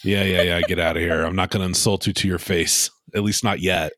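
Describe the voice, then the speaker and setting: A man's voice: low-pitched, steady tone, a little fast, fairly bright tone, no echo, clean studio sound. A man co-hosting a podcast in casual chat, sarcastic and swearing freely as he acts out quotes in silly voices. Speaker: podcast co-host. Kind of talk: casual chat recapping a reality show.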